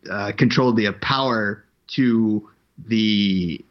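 A man's voice: fairly low pitch, slow, highs cut off. A man casually telling a rambling, profane story, raising his voice to act out what others said. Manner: rambling, profane, acts out quotes in a raised voice.

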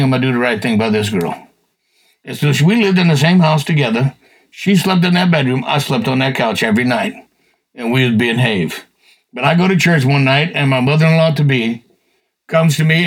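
An older man tells a personal testimony in a folksy, plain-spoken style, with lots of "you know" and "man". His voice is gravelly and somewhat husky, and it sits a little above the usual male pitch. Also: a little fast. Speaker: podcast host.

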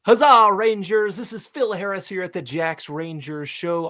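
Upbeat man hosting a fan show. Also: a little high. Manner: upbeat, hype-driven, many fillers and restarts. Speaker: podcast host. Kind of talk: casual fan-show chat.

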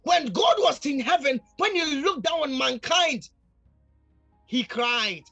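A male pastor preaching a fervent sermon, repeatedly calling out to the congregation and swinging between shouting and near-quiet. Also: very high-pitched, expressive, slow pace, vocal fry, soft background music.

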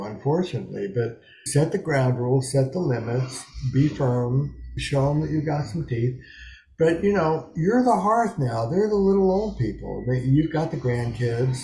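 A man's voice: on the high side, mellow, roomy sound, a little hiss or hum. A man in his seventies, a psychotherapist speaking frankly and emphatically in an interview, from a small bedroom study. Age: 70s. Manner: frank, emphatic, swears freely. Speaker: psychotherapist guest. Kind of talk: candid interview conversation.

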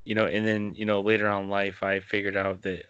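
Man, podcast host, low voice, laid-back, filler-heavy, dry sound. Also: completely flat delivery, fairly quick, fairly bright tone, clean tone, dry recording, muffled recording. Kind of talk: casual interview chat.

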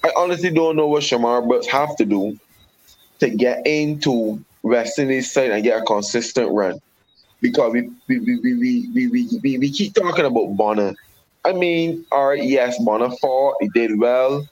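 In a heated sports debate, a regular panelist from the Caribbean pushes his cricket arguments emphatically, repeating himself in a West Indian accent. He speaks at a moderate pace with a medium pitch and a darkish tone, captured in dull lo-fi audio.

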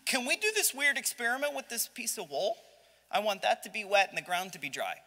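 A man leads a Sunday school Bible lesson in a high, bright, lively voice that swings all over the place. He jokes and acts out the people in the story. The room gives a long echo. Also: brisk. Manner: animated, jokey, acts out voices of Bible characters. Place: church classroom. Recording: long hall reverb.

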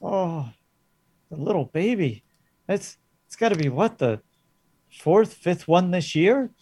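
A man's voice: sits high, lively intonation, slow, a little mellow, breathy edge, dry recording, heavily acted. A man voicing a harried, grumbling tavern barmaid who curses under her breath. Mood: sorrowful. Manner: exasperated, cursing under breath.

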